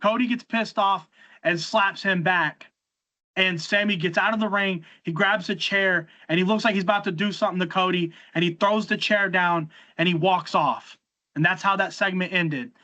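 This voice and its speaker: A man's voice: high-pitched, steady tone, normal speed, bright, forceful tone. A man hosting a casual podcast, retelling events in a rambling way with many restarts and repeated words. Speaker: podcast host. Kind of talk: casual podcast chat recapping wrestling shows. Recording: slightly dull lo-fi recording.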